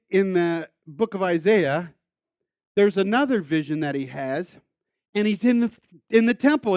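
A man with a high voice preaches in a relaxed, conversational way, full of restarts and self-deprecating asides. His delivery is eager and enthusiastic. The recording is dry and a bit dull, with no room sound. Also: no room sound. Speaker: pastor. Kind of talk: sermon.

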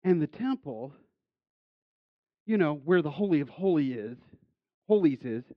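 A man with a high voice preaches in a relaxed, conversational way, full of restarts and self-deprecating asides. His delivery is eager and enthusiastic. The recording is dry and a bit dull, with no room sound. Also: unhurried, no room sound. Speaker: pastor. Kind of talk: sermon.

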